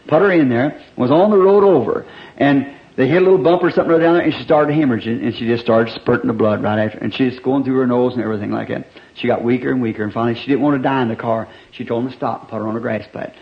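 This old-time revival preacher, medium in pitch, spins animated stories and shifts from booming emphasis to hushed asides. The sound is dull, typical of a 1960s church recording.

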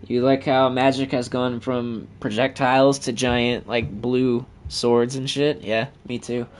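A man's voice: mid-range voice, level tone, a little slow. A man giving profane, trash-talking commentary over his own gameplay as the channel host.

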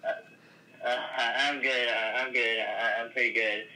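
A man's voice: medium pitch, little pitch movement, takes it slowly, pushed and bright, low-quality recording. A man calling in to a live show, talking in a hesitant, friendly way with lots of filler sounds. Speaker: caller. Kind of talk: casual phone-in chat.

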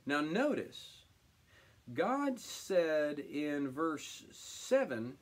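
Animated man leading a Bible study. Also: on the high side, takes it slowly, slightly rough. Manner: animated, paraphrasing God's words in a direct conversational voice. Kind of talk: reading scripture aloud and commenting.

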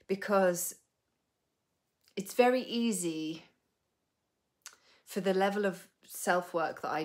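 A young adult woman hosting a casual live stream, chatty and rambling, who laughs often and swears offhandedly. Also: low-pitched.

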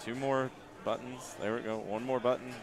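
A man explaining pinball strategy and standings as a tournament commentator, working through the numbers out loud. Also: medium pitch, flat delivery, normal speed, a crowd in the background. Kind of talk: analytical commentary. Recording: crowded venue behind.

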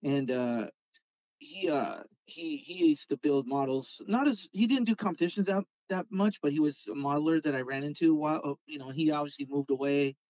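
Animated man telling stories. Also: a little high, brisk, no echo, dull audio. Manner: rambling, animated, acts out quoted dialogue. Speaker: podcast guest, scale model car artist. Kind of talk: casual storytelling chat.

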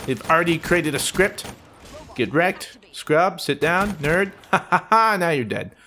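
A man giving jokey, self-mocking commentary over his own shooter gameplay, often shouting in surprise. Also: fairly high pitch, lively intonation, measured pace, a little hiss or hum. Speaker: gaming YouTuber.

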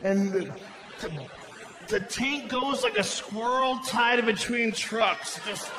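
A middle-aged man doing a stand-up comedy set, telling a story loudly and profanely with shouted bursts. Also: very high voice, slow, noisy background. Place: comedy venue on stage. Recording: echoey live venue with ambience.

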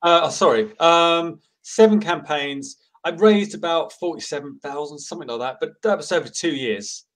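A man's voice: a little high, normal speed, few pauses, fairly bright tone. A man, a guest film director, answering interview questions in a rambling way and often correcting himself. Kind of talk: casual video-call interview.

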